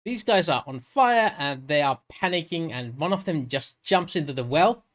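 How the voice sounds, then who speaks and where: A man narrating a tabletop game as game master, halting and restarting often. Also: a little high, lively intonation, a bit bright. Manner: halting, full of fillers and restarts.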